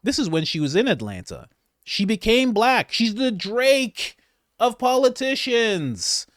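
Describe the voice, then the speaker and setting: A man, a comedian, giving comedic political commentary in an animated, laughing, incredulous way. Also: extremely high pitch, unhurried, no echo, studio quality.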